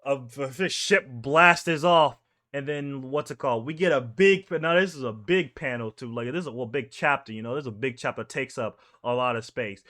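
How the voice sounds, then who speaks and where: Speaking at normal speed in a mid-range, bright, forceful voice, a young manga reaction host works casually through a manga chapter. He rambles, chuckles, and corrects himself along the way.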